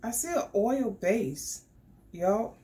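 Woman vlogger, excitable, lively pitch, slow easy pace, faint room ambience. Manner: chatty and excitable, talks straight to viewers. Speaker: beauty vlogger. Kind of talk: casual unboxing vlog. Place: home indoors.

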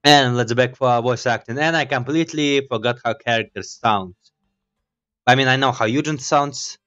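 A man's voice: medium pitch, normal speed, a bit bright, dull audio, faint music behind. A man doing let's play commentary as a gaming YouTuber, rambling and teasing himself. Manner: rambling, self-mocking chatter.

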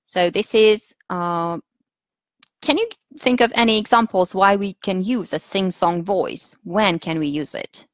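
A woman with a Russian accent leading a webinar lesson for teachers, patient and instructive, pausing often with fillers as she thinks. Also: mid-range voice, dry recording. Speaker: teacher trainer.

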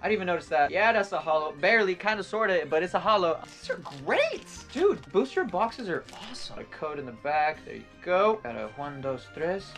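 Excitable young host opening cards. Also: medium pitch, a little fast, few pauses, faint music behind. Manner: excitable, chatty, reads card names aloud. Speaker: channel host. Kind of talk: casual card-opening commentary.

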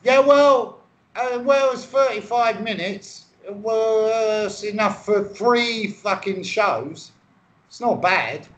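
A man's voice: high-pitched, takes it slowly, fairly bright tone. A man in casual comedic banter, swearing freely and playing along as podcast co-host. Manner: crude, swearing, playfully goes along.

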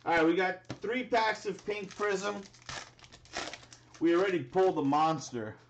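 A man hosts a live sports card break, rattling off player names as he opens packs and bursting into excited exclamations at big pulls. His voice sits high and his pace is measured. The recording is muffled with slight background noise.

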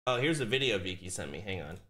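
Lively-pitched man chatting casually on stream. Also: fast talker, slight background noise. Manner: casual and profane, switching to high baby talk for a puppy. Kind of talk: casual live-stream chat.

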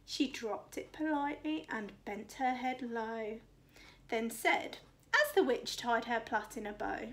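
High-voiced woman reading a storybook. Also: animated, unhurried, fairly bright tone. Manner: rhythmic, sing-song rhyming delivery. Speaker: teacher reading to children. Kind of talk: expressive storybook read-aloud.

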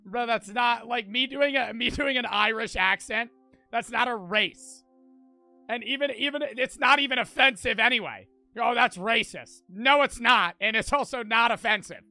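Young male streamer, high, sharp voice, brash and profane. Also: normal speed, gravelly, no room sound, soft background music. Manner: loud, brash, swearing, jokey. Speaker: gaming streamer. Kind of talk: casual streaming commentary.

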